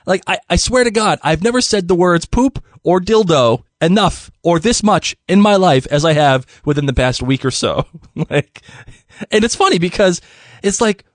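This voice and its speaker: A man's voice: high-pitched, lively intonation, normal speed, no echo, studio quality. A young man hosting a podcast, rambling casually with frequent laughter and restarts. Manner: giggly, rambling, many restarts. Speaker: podcast host.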